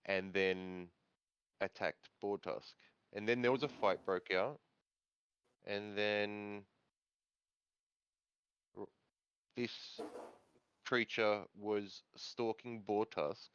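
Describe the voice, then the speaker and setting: Slow, halting man on a dull mic. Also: fairly low pitch, fairly even intonation, a bit bright, clean tone, no room sound. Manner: halting, drawn-out storytelling. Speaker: player. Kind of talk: recapping a tabletop game session. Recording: dull lo-fi microphone.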